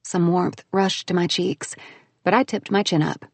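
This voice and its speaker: A woman narrating an audiobook in a lively, expressive way. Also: fairly low pitch, a little slow, no echo. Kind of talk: scripted narration.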